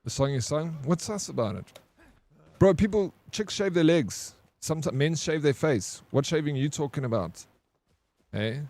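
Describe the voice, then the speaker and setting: A man's voice: on the high side, animated, normal speed, a little mellow. Chatty South African man streaming. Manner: chatty, swears freely, greets chat by name. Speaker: game streamer. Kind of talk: casual live-stream chat.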